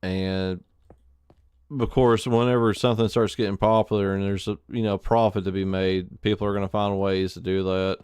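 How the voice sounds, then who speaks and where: Male streamer, Alabama Southern accent, smooth resonant tone, rambling casual game-stream chat. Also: deep voice, level tone, moderate pace, a little mellow, dry recording, clean studio sound. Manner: rambling, loose, heavy on fillers. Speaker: live streamer playing a survival game. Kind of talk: casual chat while gaming.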